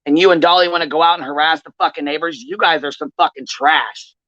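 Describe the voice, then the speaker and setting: A woman's voice: low-pitched, fairly even intonation, fast talker, fairly bright tone, dry recording. Furious, foul-mouthed woman ranting on stream. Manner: profane, heated ranting. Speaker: livestream commentary host. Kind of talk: angry livestream commentary. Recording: dull, dry lo-fi stream audio.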